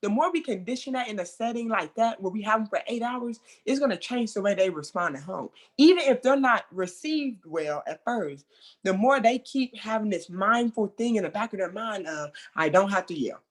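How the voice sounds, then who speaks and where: A woman's voice: medium pitch, moderate pace. A woman who works at a children's center, talking casually and expressively with lots of fillers over a video call. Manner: expressive, conversational, many fillers like "like". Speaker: children's center worker sharing experience. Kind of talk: casual training discussion.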